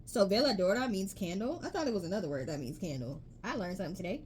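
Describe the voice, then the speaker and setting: A woman's voice: medium pitch, lively intonation, quick pace. A woman giving a spoken tarot reading, earnest and encouraging, often checking in with the listener as she reads out card messages. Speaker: tarot reader.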